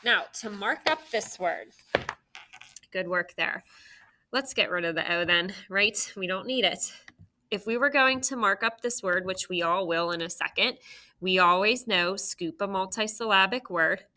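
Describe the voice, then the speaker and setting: A woman leads a phonics lesson for young children, taking it slowly and stretching every letter sound. Her voice is bright and crisp, and she speaks into a computer mic. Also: medium pitch. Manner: slow, clear teacher talk with drawn-out sounds. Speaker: teacher.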